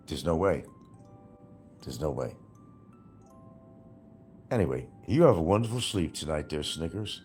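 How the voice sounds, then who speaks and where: Very deep-voiced man ranting on a livestream. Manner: taunting, profane, sarcastic, laughing at his target. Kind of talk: livestream rant.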